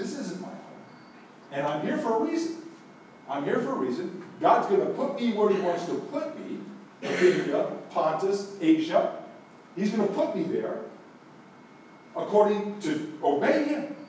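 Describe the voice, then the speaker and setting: Male pastor, storytelling sermon, warm low tone, recorded from a distance in a reverberant church. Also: a little hiss or hum. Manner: storytelling, swings from hushed to emphatic. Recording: echoey room, voice from a distance.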